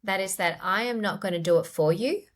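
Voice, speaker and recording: A middle-aged woman, a clinical psychologist, explaining ideas gently in a podcast interview. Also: mid-range voice, fairly quick. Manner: gentle, explanatory, acts out quoted inner voices.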